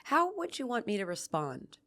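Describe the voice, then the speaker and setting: A woman's voice: fairly high pitch, wildly swooping pitch, normal speed. A woman hosting a casual interview, tearful and self-mocking as she asks questions. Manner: warm, teary and self-mocking. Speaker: podcast host.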